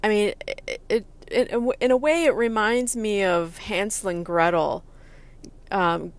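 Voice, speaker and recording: A middle-aged woman telling a personal anecdote in an animated, chatty way, with fillers and restarts. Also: medium pitch, unhurried.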